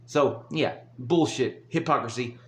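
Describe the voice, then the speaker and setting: A man's voice: mid-range voice, measured pace, a little hiss or hum. A man hosting a reaction video, ranting angrily with heavy swearing and bursts of laughter. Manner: angry, swearing, laughs between rants. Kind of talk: profane ranting commentary. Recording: echoey room.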